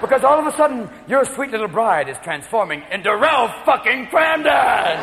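Man, stand-up comic, very high voice, manic shouted voices, live hall, loud crowd noise. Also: big pitch swings, fairly quick, vocal fry, few pauses. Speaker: stand-up comedian. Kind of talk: stand-up comedy routine. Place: large theater stage. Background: audience laughter.

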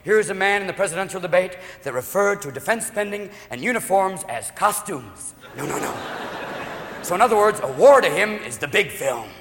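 A male stand-up comedian doing an animated, rapid-fire routine in a live venue, slipping in and out of voices. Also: sits high, a little hiss or hum. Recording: live club mic, echoing hall, crowd.

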